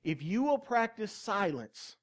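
In a high, very animated voice at a somewhat slow pace, a male pastor preaches with folksy humor. His conversational sermon often turns to questions for the congregation.

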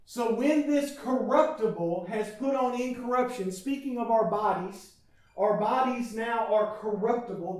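A man preaching a sermon as pastor, animated and calling out questions to his congregation. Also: sits high. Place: church hall. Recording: echoey church room, mic from a distance.

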